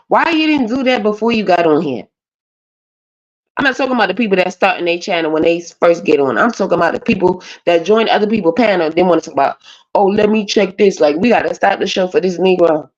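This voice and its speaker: A woman, ranting bluntly and profanely as a panelist on a live stream. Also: lowish voice. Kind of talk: casual rant on a live panel. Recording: dull lo-fi stream audio.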